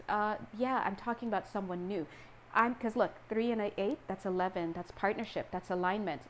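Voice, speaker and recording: Animated woman giving a tarot reading. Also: medium pitch, slight background noise, rough recording. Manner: animated, acts out quoted voices. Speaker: tarot reader.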